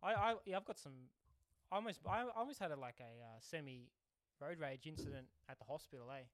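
A man's voice: a little high, dry recording, clean studio sound. Riled-up Australian man telling stories. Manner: animated storytelling, quick to anger. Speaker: podcast co-host. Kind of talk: casual chat.

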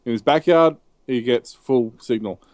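A man's voice: mid-range voice, normal speed, darkish tone, no echo. An Australian man co-hosting a casual chat, telling rambling anecdotes full of ums and restarts. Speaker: co-host.

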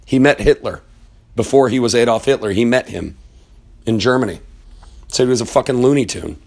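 A man's voice: medium pitch, brisk, creaky, a little mellow. Heated, foul-mouthed man ranting. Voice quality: blunt and heated, swears freely. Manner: rambling aside while searching online. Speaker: political commentator. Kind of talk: profane political rant.

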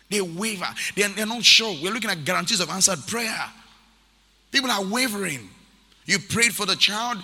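Emphatic preacher in a reverberant hall. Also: male voice, fairly high pitch, sharp tone. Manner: emphatic preaching, repeats key phrases, reads scripture aloud. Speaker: pastor. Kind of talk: sermon.

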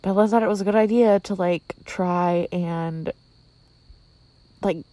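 A woman's voice: fairly low pitch, steady tone, unhurried, warm tone, dry recording. A young woman from Minnesota telling a casual, giggly vlog story, with lots of "like" and "um" fillers. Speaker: vlogger. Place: inside a tent outdoors at night. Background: crickets.

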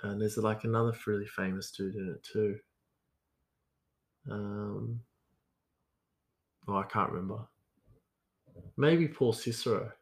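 A man's voice: on the low side, slow, pauses often. A young man telling casual stories in a rambling way, laughing often. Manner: rambling, lots of fillers and restarts, frequent laughter. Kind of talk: casual storytelling.

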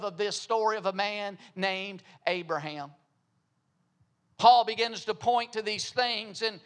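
A man's voice: high-pitched, a bit bright. A man preaching a sermon, asking rhetorical questions and repeating phrases for emphasis.

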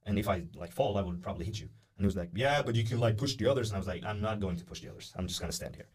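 A young man rattles off a story at a quick clip in a lowish voice. He tells it casually and loosely, full of fillers, and slips into other people's voices as he goes. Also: husky. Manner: animated, acts out the voices of people in his story; many "uh" and "like" fillers. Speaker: podcast guest.

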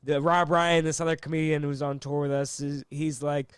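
Higher-voiced man telling a rambling story. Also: level tone, normal speed, clear, resonant tone, no room sound, clean studio sound. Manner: rambling, full of fillers and acted-out quotes. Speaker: comedian. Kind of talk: casual storytelling chat.

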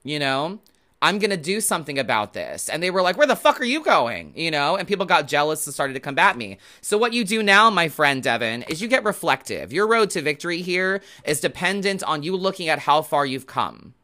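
Talking fairly quickly and expressively, a male tarot reader hosts a reading for viewers in a somewhat high, very bright voice. He rambles in a loose, casual, conversational way, with the occasional curse slipping through.

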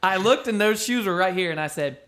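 A man's voice: sits high, brisk. A man in his thirties co-hosting a casual faith talk show, telling stories and acting out quotes with energy. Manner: animated storyteller, acts out quotes. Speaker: podcast co-host. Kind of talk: casual chat.

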